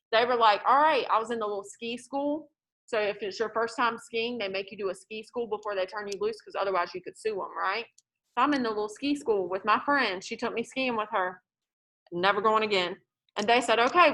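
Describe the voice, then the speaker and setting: A woman teaching a math class in a classroom, lively and joking as she tells stories to her students. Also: a little high.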